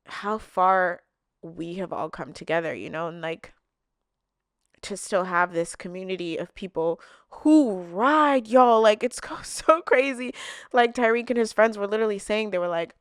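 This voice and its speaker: A woman's voice: medium pitch, a little slow, clear, resonant tone, dry recording, clean studio sound. A young woman chatting casually to camera, answering viewer questions in an open, emotional way with lots of filler words. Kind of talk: casual heartfelt chat to camera.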